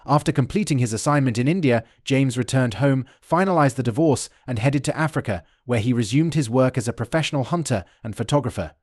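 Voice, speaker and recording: A man reads out a dramatic story at a steady, even pace. His voice sits at a middle pitch. The recording is close and dry, with no room sound. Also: a little fast, few pauses, no room sound. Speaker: narrator. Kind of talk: scripted story narration.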